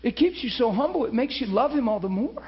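A man with a high voice preaching and sharing testimony, animated and emphatic, dropping from loud bursts to hushed asides. The recording is dull and lo-fi. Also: fast. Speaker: preacher teaching a class. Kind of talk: personal testimony in a sermon.

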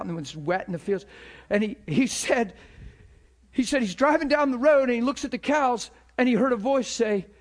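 A man preaching a sermon, emphatic and fervent, dropping to a hush for stories and building to loud peaks. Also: sits high.

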